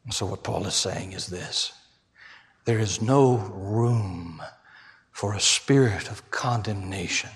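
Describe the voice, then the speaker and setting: A man preaching a sermon as pastor, swinging between shouted passages and hushed, near-whispered ones. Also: on the low side, slow pace.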